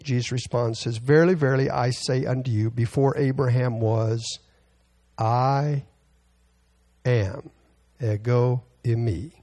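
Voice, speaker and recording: A man preaching a Bible teaching sermon, halting often with fillers and restarts as he reads scripture aloud. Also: mid-range voice, vocal fry, dark tone.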